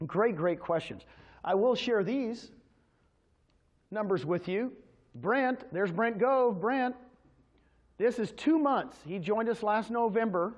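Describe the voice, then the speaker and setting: Quizzing his audience of real estate agents, a man delivers a motivational sales talk with energy. He speaks slowly in a high-pitched voice with long pauses, and the audio sounds dull.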